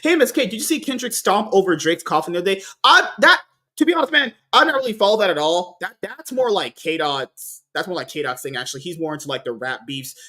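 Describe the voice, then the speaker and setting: Guy hosting a podcast, rambly and sweary, voice jumps all over, bit high. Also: animated, a little fast, pushed and bright. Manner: rambling, swears a lot, frequent restarts. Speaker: podcast host. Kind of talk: casual podcast chat.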